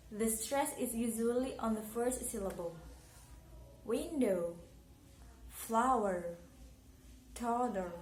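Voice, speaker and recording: A woman's voice: on the high side, mellow. A young Indonesian woman, a university student, gives a careful English pronunciation lesson with an Indonesian accent and repeats example words. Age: young adult. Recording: echoey room with faint noise.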